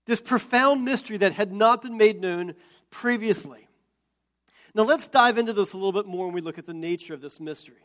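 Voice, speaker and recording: A man preaching a sermon as pastor, explaining scripture and building to loud, emphatic peaks. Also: high voice, brisk.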